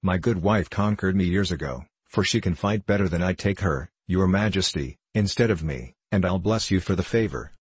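A man's voice: sits low, moderate pace, hardly any pauses, slightly rough, no echo. A man voicing a mild, timid little farmer who pleads meekly to be excused, in a storybook reading. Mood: pleading. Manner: meek and pleading.

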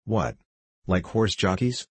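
A stubborn, skeptical gentleman hunter, as a narrator plays him, gruff and blunt as he brushes off every argument. The voice is low and husky, set close and dry for a storybook reading. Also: sing-song, takes it slowly, dry recording, exaggerated voice.

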